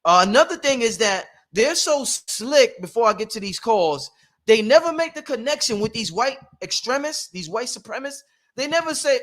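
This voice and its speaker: A man's voice: very high voice, normal speed. A man hosting his own live stream, talking casually and preachily, with frequent laughter. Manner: animated, preachy, laughs often. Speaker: livestream host. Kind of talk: casual livestream monologue. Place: at home.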